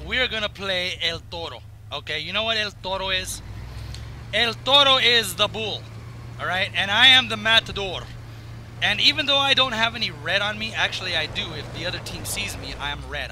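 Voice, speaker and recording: A man with a raw, strained voice giving rambling, excitable commentary over a video game he is playing. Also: sits high, a little hiss or hum, poor audio. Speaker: gaming commentator. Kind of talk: casual gameplay commentary.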